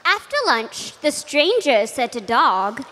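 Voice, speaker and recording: A young woman narrating a school readers' theatre piece in a measured, sing-song way. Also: high-pitched, very animated, bright, forceful tone, in a large hall, a little hiss or hum. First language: Thai.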